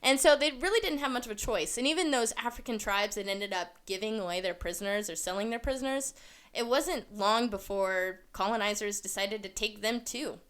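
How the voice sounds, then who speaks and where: A woman hosting a podcast, talking through her views in an earnest, conversational way. Her voice is bright and crisp, with a clean, smooth tone. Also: mid-range voice, brisk. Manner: earnest, explanatory, lots of fillers. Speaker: podcast host. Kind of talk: casual commentary.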